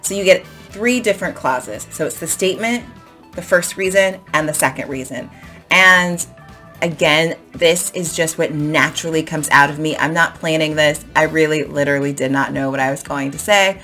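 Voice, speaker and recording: A woman with a low-pitched voice teaches an English lesson, stressing words and repeating phrases to show how tone changes. Soft music plays faintly behind her. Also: normal speed. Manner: animated, emphatic, repeats phrases to model intonation. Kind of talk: explaining to camera in a lesson.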